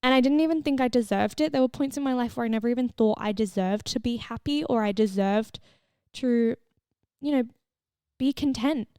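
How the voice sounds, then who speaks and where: A young woman hosts a solo podcast with a somewhat high voice, chatting candidly and swearing freely. She is recorded close on a mic in a dry, dead room with no echo. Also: fairly quick, warm tone, clear, resonant tone. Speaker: podcast host and fitness coach. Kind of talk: casual solo podcast chat.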